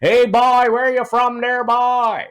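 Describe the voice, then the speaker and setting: A man voicing a loud, blunt drunk Newfoundland man who hollers across a bar, in a much higher voice than his own. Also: level tone, takes it slowly, smooth, full character voice. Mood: hollering.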